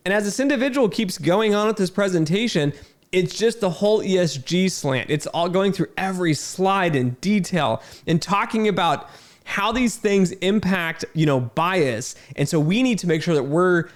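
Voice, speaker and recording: A man delivers an exasperated talking-head rant, his voice sitting a little high for a man. He talks emphatically and incredulously, restarting sentences and repeating words as his irritation builds. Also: animated, normal speed. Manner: emphatic, repeats himself, many fillers and restarts. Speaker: video host.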